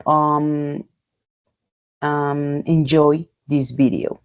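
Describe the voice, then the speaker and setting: Woman, low-pitched and very slow, halting pronunciation drill, muffled lo-fi audio. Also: little pitch movement. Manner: halting, repeats words and sounds one by one. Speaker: English learner presenting a pronunciation task. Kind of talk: slow, careful pronunciation practice with example sentences.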